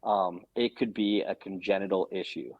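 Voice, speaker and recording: A man talking as a podcast guest, telling a story in a casual, earnest and animated way, swearing now and then. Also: low-pitched, normal speed, muffled recording.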